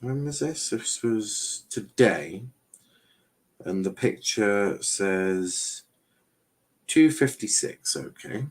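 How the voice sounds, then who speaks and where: A man's voice: on the low side, animated, very slow, rough recording. A young man from England doing a casual live football watchalong, bantering with chat in mock outrage and often restarting his sentences. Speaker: watchalong streamer.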